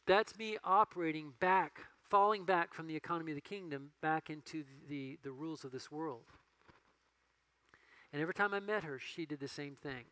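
A male pastor giving a conversational sermon that rises to emphatic peaks and drops to quiet storytelling. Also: a little high, low-quality recording.

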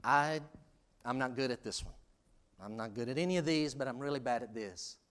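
A man preaching a sermon in a conversational, self-deprecating way, dropping to hushed asides and rising to loud, emphatic peaks. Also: mid-range voice, fairly quick. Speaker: pastor.

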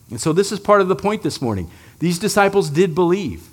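A man's voice: sits high, big pitch swings, brisk. A man preaching a sermon as pastor in a church, talking conversationally and checking in with the congregation with frequent asides.

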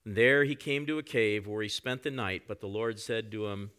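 Pastor guy giving a sermon, chatty and soft, bright tense tone. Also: on the low side, moderate pace, smooth. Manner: conversational, often drops to soft reflective tones.

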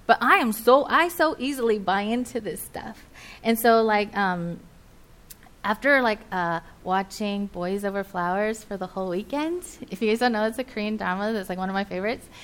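A young woman speaking to a church group in a chatty, animated way, with many fillers. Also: mid-range voice, normal speed. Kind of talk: casual sermon talk to a group.

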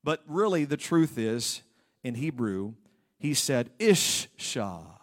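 A man's voice: medium pitch, slow pace. A male pastor preaching a humorous sermon in a church, with playful joking asides to the congregation.

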